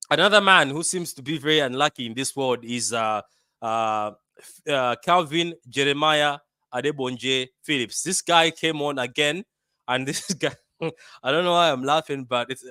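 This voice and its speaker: A man from Africa hosting a football fan channel, giving a casual match reaction with lively banter and lots of repetition. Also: mid-range voice, normal speed, clear, resonant tone, dry recording, studio quality. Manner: animated, bantering, repeats himself.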